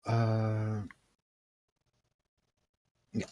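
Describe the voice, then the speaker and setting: A man taking his turn in an online tabletop game, talking haltingly with many pauses. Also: on the low side, monotone, mellow, no echo. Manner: halting, full of uh fillers. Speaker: player.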